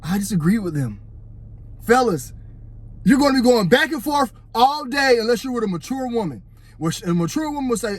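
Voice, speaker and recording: A man with a fairly high-pitched voice gives his take into a phone held close. He sounds casual but preachy, speaking straight to the guys watching. He keeps circling back to his point with conversational fillers. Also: very animated, a little fast. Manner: preachy, addresses "fellas", repeats "you know what I'm saying". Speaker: vlogger. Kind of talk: casual opinion monologue.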